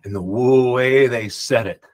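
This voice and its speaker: A man host telling a personal story in a rambling, animated way, often cutting himself off. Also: mid-range voice, unhurried, poor audio. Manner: rambling, animated, self-interrupting retelling.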